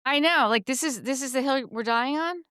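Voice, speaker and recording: Podcast co-host, woman, smooth clear voice, dry close sound, animated retelling. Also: high voice, fairly quick, no room sound. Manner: animated storyteller, acts out quotes. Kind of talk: casual recap chat.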